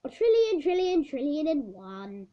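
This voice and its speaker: A woman's voice: sits high, very animated, a little slow. A woman voicing a smug, know-it-all schoolboy genius who shows off his answers. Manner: triumphant, showing off. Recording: dull lo-fi recording.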